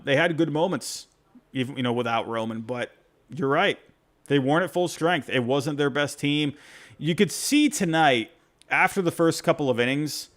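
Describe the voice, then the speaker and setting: A man's voice: mid-range voice, a bit bright. A man hosting a casual postgame call-in show, talking in a rambling, self-interrupting way as he answers fan voicemails. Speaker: podcast host taking fan calls. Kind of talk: casual postgame sports reaction.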